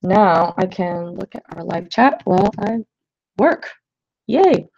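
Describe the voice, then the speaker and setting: A woman's voice: medium pitch, big pitch swings, slow pace, vocal fry, darkish tone. Chatty woman painting on a livestream. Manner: scattered and self-deprecating, many fillers and okays. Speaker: artist livestreaming to patrons. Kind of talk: casual livestream chat while painting. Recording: slightly dull lo-fi livestream audio.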